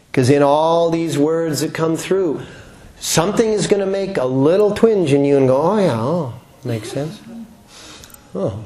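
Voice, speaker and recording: This is a man leading a yoga class, with a voice pitched a little above the usual. He talks in a relaxed, chatty way, cracks small jokes and checks in with the room. It sounds like a talk given to a room full of students. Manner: relaxed, chatty, joking, with rhetorical questions. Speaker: yoga teacher.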